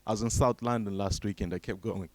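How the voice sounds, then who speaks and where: Zimbabwe-born man doing stand-up. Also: quick pace. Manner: deadpan setups with sudden high-pitched shouted character voices. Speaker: stand-up comedian. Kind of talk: stand-up comedy set.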